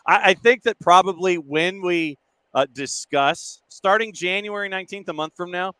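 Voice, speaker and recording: A man hosting a podcast who chats casually, reads out listener comments, and rattles off dates and lists at a brisk clip. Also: fairly high pitch, bright, forceful tone, clear, resonant tone, no room sound. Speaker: podcast host. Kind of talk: casual chat and news rundown.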